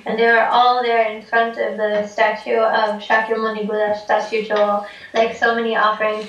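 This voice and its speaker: A slightly high-voiced woman from Tibet tells a folk tale in a relaxed, chatty way, full of fillers and frequent laughter. The recording sounds muffled, captured with a distant mic in an echoey room.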